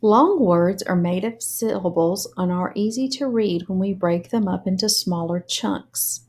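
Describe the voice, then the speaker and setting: A woman's voice: mid-range voice, darkish tone. A woman teaching a reading lesson, spelling words letter by letter and sounding out syllables. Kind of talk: slow, deliberate reading lesson.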